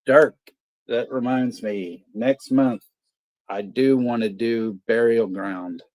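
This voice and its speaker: A man's voice: medium pitch, steady tone, slow, mellow. A man hosting a movie watch party stream, chatting casually, rambling, swearing a lot and laughing often. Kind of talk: casual livestream chat.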